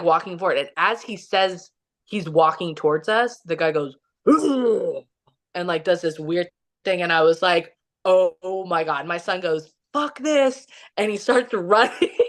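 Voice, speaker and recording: A young adult or middle-aged woman from Kansas City, Missouri, USA, who has a son, shares a personal story as a guest on a podcast. Her somewhat low voice moves at a normal speed, and her chatty, casual talk is packed with "like" as she acts out what people said.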